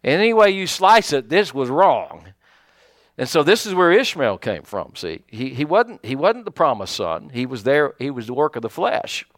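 Animated pastor with a lively voice. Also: male voice, on the high side, moderate pace, no room sound, studio quality. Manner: folksy, animated preaching with many fillers and restarts. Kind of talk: sermon.

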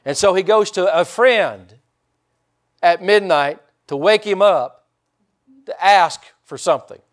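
A man's voice: sits high, slow pace. A man preaching a conversational sermon and talking directly to his congregation. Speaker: pastor.

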